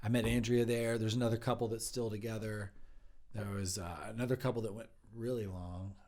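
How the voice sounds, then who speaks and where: A man's voice: fairly low pitch, steady tone, brisk, a little mellow. A man hosting a live comedy stream, casually explaining an improv character game. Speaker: show host and performer.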